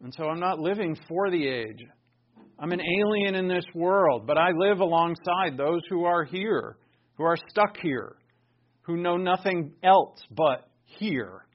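A man's voice: a little high, expressive, measured pace. Emphatic preacher man, lo-fi recording. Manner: emphatic, stresses key words with sudden loud bursts. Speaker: pastor. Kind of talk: sermon.

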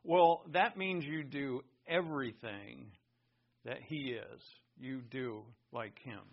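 A male pastor preaching a sermon, emphatic, swinging from loud stresses to hushed words. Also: mid-range voice, takes it slowly, vocal fry. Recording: dull lo-fi recording.

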